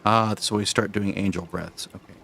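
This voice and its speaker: A man's voice: on the low side, fairly even intonation, fairly quick, creaky, pushed and bright. A man giving casual commentary while he plays a game, muttering to himself and then explaining things to his viewers. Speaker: gamer streamer.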